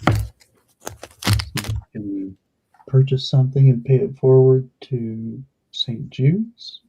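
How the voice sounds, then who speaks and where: A man's voice: medium pitch, steady tone, slow, dark tone, breathy edge, dull audio. A man co-hosting a livestream in casual chat, passing on news and announcements to viewers. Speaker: livestream co-host.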